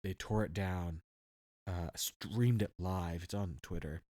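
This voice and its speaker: A man's voice: low-pitched, steady tone, slow, dark tone, no echo, clean studio sound. A man co-hosting a casual podcast chat, sarcastic and profane, laughing often as he talks.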